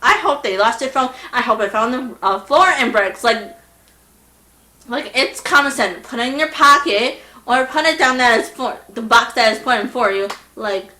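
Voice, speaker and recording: With a slightly high voice and moderate pacing, a young woman vlogger tells a storytime with casual exasperation. She plays out the people she quotes in animated voices. Echo fills the room.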